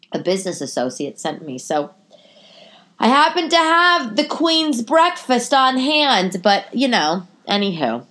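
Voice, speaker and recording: Chatty, rambling comedian mom with a stuffy nose. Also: female voice. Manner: chatty, rambling with tangents and self-corrections; animated, pitch jumping up for emphasis. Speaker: podcast host and stand-up comedian. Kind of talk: casual monologue to listeners. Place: living room at home.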